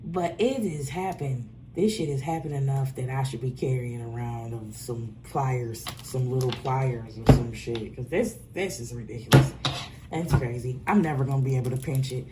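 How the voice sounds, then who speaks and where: A woman giving a casual, profane tarot reading, swinging between loud outbursts and low muttering. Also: normal speed, heavy background noise. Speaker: tarot reader.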